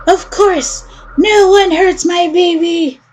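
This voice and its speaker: A woman's voice: very high-pitched, steady tone, slow, darkish tone, voice pushed up. A woman voicing a clingy, manipulative mother who coaxes her son with pet names. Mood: sweetly controlling. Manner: coaxing, calls him baby and pet names. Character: clingy manipulative doting mother, sickly sweet.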